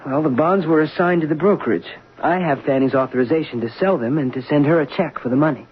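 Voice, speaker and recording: A man's voice: fairly high pitch, quick pace, slight background noise, lightly acted. An actor playing an anxious young stockbroker who stammers in his own defense, in a 1970s radio drama. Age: young adult. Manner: nervous, stammering. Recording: dull 1970s radio broadcast.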